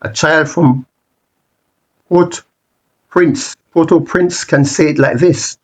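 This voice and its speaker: A man presenting a reflective monologue, speaking in deliberate, repetitive rhetorical phrases with the odd restart. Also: on the high side, fairly even intonation, low-quality recording. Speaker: channel presenter.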